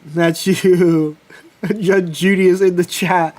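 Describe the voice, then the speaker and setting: A man chatting casually with his livestream viewers, telling personal stories with lively swearing. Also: high-pitched, slow. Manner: animated storytelling, swears casually. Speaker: streamer.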